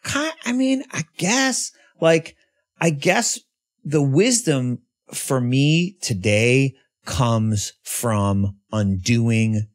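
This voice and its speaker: A man talking as a podcast guest in casual conversation, animated, swearing freely and restarting his sentences often. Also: mid-range voice, extremely slow.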